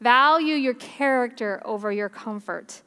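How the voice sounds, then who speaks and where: Clear high-voiced woman preaching. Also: a little slow, fairly bright tone. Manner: earnest, conversational preaching. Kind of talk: sermon. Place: church service.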